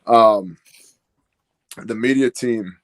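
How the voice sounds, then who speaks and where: A man's voice: fairly low pitch, very slow, a bit bright. A man talking casually as a podcast guest, rambling and storytelling with lots of fillers. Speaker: guest, business owner.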